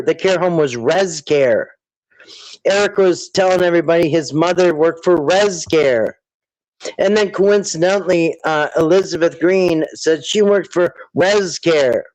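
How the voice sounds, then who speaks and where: A man's voice: on the high side, low-quality recording. A man hosting a casual livestream, rambling and thinking aloud as he answers viewer chat. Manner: rambling, thinks aloud, quotes people in put-on voices.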